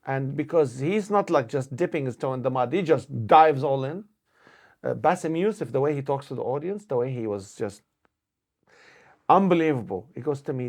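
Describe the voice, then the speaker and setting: A man's voice: mid-range voice, normal speed. A man from Lebanon, a comedian guest telling stories on a casual podcast and acting out the people he quotes. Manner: animated storyteller, acts out quotes.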